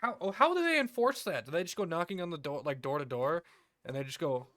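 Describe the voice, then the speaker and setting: A man's voice: on the high side, animated, fast talker, background noise. A man streaming a game, chatting casually with crude jokes and rambling asides. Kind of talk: casual gameplay commentary.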